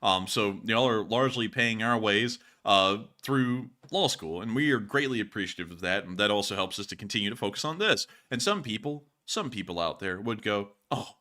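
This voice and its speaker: A man's voice: on the low side, expressive, normal speed, few pauses, pushed and bright. A young man hosting a livestream and repeatedly thanking donors. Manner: effusively grateful, repetitive thanks. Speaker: channel host. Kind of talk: livestream donation reading.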